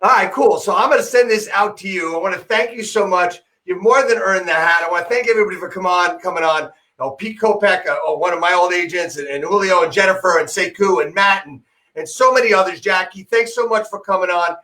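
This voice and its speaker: A man's voice: sits high, fast, sharp tone. A man hosting a podcast over a video call, upbeat and chatty as he wraps up. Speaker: podcast host. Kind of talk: casual chat.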